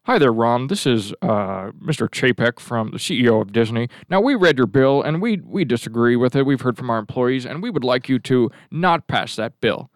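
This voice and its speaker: A man putting on the voice of a male corporate CEO making a formal phone request, in a stiff and measured way. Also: mid-range voice, animated, no room sound, clean studio sound, pitched below the performer's own voice, natural voice. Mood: polite request.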